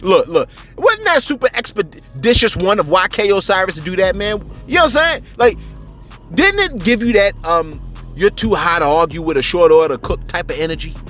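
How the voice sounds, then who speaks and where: A man's voice: moderate pace, soft background music. A man giving casual, slangy celebrity gossip commentary, with big emphatic swings for effect. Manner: animated, slangy, jumping pitch for emphasis.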